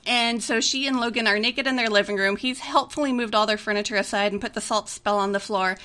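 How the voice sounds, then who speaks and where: A woman's voice: medium pitch, fairly even intonation, fairly quick, bright, forceful tone. A woman reading a romantic comedy aloud in a chatty way, giggling often between lines. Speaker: story reader.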